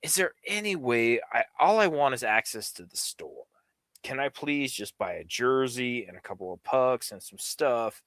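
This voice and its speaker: A man's voice: medium pitch, moderate pace, no echo. A middle-aged man from the New York area, telling a long, rambling story on a casual livestream and swearing freely. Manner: rambling storyteller, profane, animated.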